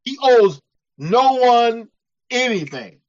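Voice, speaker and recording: A man's voice: very high voice, very animated, takes it slowly. A man preaching a sermon, acting out quoted voices and chuckling as he talks. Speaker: pastor. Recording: dull lo-fi church recording.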